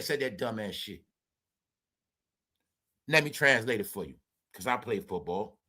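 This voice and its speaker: A man hosting a celebrity gossip show, ranting with profanity and mockery, swinging between loud outbursts and low mutters. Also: lively intonation, moderate pace, long pauses. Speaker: commentary show host.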